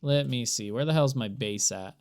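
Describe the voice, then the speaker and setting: Smooth and a little mellow, this medium-pitched voice moves at a normal speed. It's a streamer addressing viewers mid-game on a live stream, rambling, exasperated, and laughing often.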